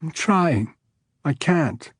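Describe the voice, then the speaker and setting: A man's voice: medium pitch, normal speed, a little mellow, breathy edge, no room sound, clean studio sound, natural voice. A man voicing a shaken young woman judge, her voice cracking as she pleads through tears. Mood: tearful.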